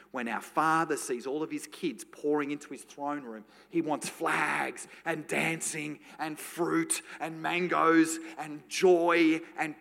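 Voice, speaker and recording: A man preaching a sermon to a congregation, telling a lively personal story and then slipping into soft, prayerful tones. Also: on the high side. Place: church. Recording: long reverb of a church hall.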